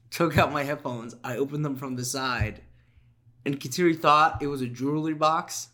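A man's voice: mid-range voice, steady tone, moderate pace, pushed and bright. A man hosting a podcast, telling a rambling story and joking in casual chat. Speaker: podcast host.

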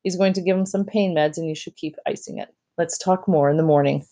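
Brief: a reader doing a patient school dean keeping her voice even, mellow. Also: medium pitch, close to an everyday voice. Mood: calm. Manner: measured, soothing.

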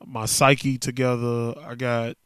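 A man's voice: medium pitch, level tone, slow, fairly bright tone, smooth, no room sound, studio quality. A man hosting a solo podcast, talking candidly and loosely in a casual, slangy way while sounding emotionally worn down. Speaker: podcast host.

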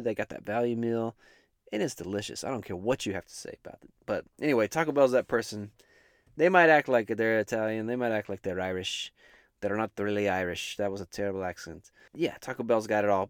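A man's voice: on the low side, no echo, studio quality. A man hosting a casual chat, rambling and joking with many restarts. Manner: rambling, self-interrupting, jokey. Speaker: host.

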